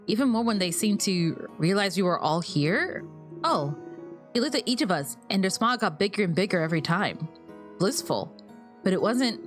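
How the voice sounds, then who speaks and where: A woman reading as a halting young man. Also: medium pitch, close to an everyday voice. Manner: hesitant, halting. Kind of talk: reading game dialogue aloud.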